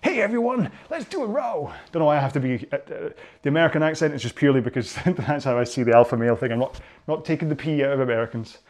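A man's voice: medium pitch, rapid-fire, few pauses, a little mellow. A man coaching an indoor rowing workout while rowing, chatty and rambling, often mocking himself.

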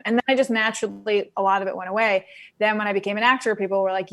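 A woman's voice: medium pitch, fairly even intonation, fast talker. A woman from Queens, an actress, chatting casually as an interview guest, talking loosely with many likes and restarts. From Queens, New York.

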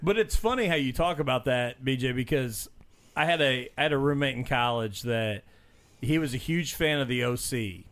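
A man's voice: medium pitch, lively intonation, moderate pace, fairly bright tone. Self-mocking male podcast guest. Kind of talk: casual podcast chat.

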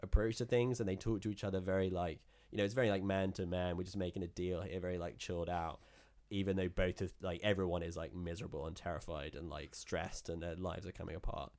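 A man co-hosting a podcast, chatting casually in a rambling, animated way full of fillers. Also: low-pitched, fast, few pauses. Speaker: podcast co-host. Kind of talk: casual chat.

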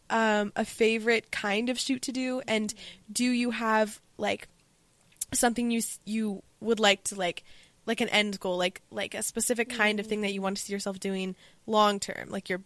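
A woman's voice: a little high, fairly bright tone, no room sound. A young woman co-hosting a casual chat, asking rambling, hesitant questions. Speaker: co-host.

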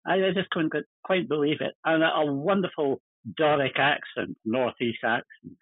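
An older man tells rambling stories as an interview guest, laughing softly as he goes. His voice is husky and a little high. It comes through a thin, phone-like line with no room sound. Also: expressive, moderate pace, no room sound. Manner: rambling, chuckling anecdotes. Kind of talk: casual storytelling.

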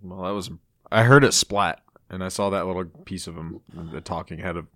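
A man's voice: low voice, normal speed, fairly bright tone, dry recording. A man playing a tabletop game, making dry, crude jokes in casual chat. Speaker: player.

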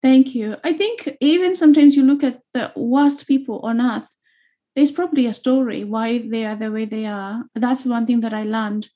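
This is a woman from Uganda, interviewed as an author. Her voice is soft, dark and mellow, sitting a touch above the usual pitch. She speaks earnestly and repeats phrases to stress a point. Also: moderate pace. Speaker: author guest. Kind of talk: reflective interview talk.

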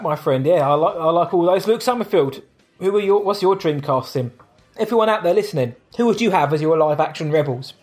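A man's voice: sits high, a little mellow. Man, co-hosting a laid-back podcast. He talks easily, laughing along and putting questions to his co-host. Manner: easygoing, laughs along, reads listener questions. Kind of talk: casual chat.

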